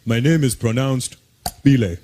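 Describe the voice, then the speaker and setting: A man voicing a calm, stern South African casino dealer who speaks slowly, firmly and formally, recorded at a live show with loud audience noise. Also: medium pitch, voice pushed down, close to an everyday voice. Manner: slow, firm and formal.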